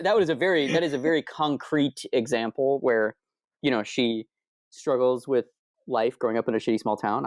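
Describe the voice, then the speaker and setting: A comic book co-creator from Arizona, a man with a medium-pitched voice, chats loosely in a casual interview. He's candid, rambling and keeps correcting himself. The sound is clean studio quality with no echo.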